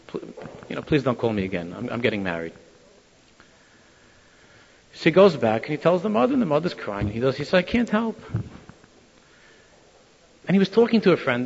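A man telling a Hasidic story to listeners, acting out the quoted voices with lively shifts of tone. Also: medium pitch. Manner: animated, acts out quoted voices. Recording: dull lo-fi sound in a reverberant hall.

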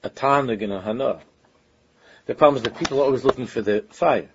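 A man's voice: medium pitch, quick pace, lo-fi sound, background noise. A man giving an informal Torah lecture as a religious teacher, talking earnestly and conversationally and often stopping to restart his sentences.

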